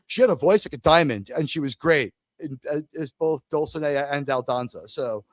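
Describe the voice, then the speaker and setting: Man, from the United States, show host, casual panel chat, animated, jokey, high voice, dry close sound. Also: moderate pace, dry recording. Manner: animated, jokey, theatrical emphasis.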